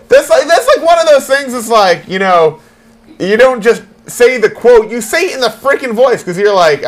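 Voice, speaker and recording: Man, host, high voice, very animated delivery, casual comedy chat. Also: normal speed. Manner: animated, reads out and imitates movie quotes.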